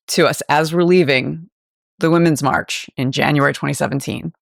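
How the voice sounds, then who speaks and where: Low gravelly woman talking candidly. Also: steady tone, moderate pace, dry recording, clean studio sound. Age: 40s. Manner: thoughtful, opinionated, frequent "like". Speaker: podcast co-host. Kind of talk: casual discussion.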